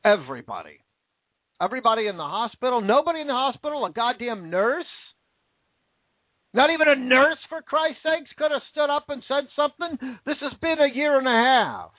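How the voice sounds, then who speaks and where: A man's voice: very high-pitched, expressive, fairly quick, dry recording. Indignant man ranting, tinny sound. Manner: indignant, profane, full of rhetorical questions; sarcastic. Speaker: commentator. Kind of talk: angry ranting monologue. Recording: tinny phone-like dry sound.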